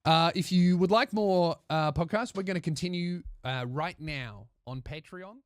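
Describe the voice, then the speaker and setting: Male comedian, viewer emails, swearing riffs, slightly high voice, dry close mic. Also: moderate pace, dry recording. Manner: profane, riffing, mocking asides. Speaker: comedian and podcast host.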